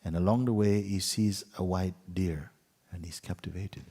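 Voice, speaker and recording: A man with a very low, husky voice tells a story gently and without hurry. His lines often fade to near-quiet endings. He speaks in a retreat hall with a long, lingering reverb. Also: fairly even intonation. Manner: gentle, unhurried storytelling with soft trailing endings. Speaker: spiritual teacher.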